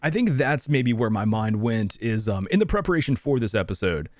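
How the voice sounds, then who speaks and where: A man co-hosting a laid-back podcast from home, his pitch swinging up and down as he thinks aloud. He restarts sentences often and fills pauses with "um" and "like." The sound is dry and close. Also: lively intonation, a little mellow, no room sound. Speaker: podcast co-host. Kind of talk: casual podcast chat.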